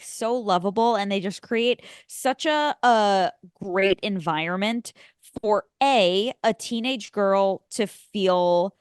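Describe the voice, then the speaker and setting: A woman's voice: medium pitch, clear, resonant tone, dry recording, studio quality. A woman co-hosting a film podcast, chatting casually and laughing often as she retells scenes. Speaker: podcast co-host. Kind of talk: casual chat.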